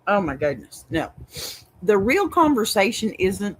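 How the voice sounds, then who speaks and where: A woman's voice: mid-range voice, sing-song, measured pace, slight background noise, poor audio. A woman hosting a livestream advice show, giving sassy, emphatic commentary in a colloquial way.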